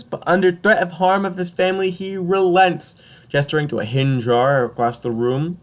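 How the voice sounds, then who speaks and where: A young man casually recapping a film on a podcast, joking and slipping into silly character voices. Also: fairly high pitch. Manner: animated, jokey, slips into silly voices for characters.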